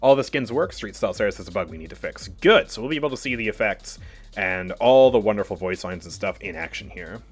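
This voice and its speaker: A man's voice: lowish voice, expressive, fairly quick, soft background music. A man streaming a game live, chatting casually with his viewers and laughing often as he comments.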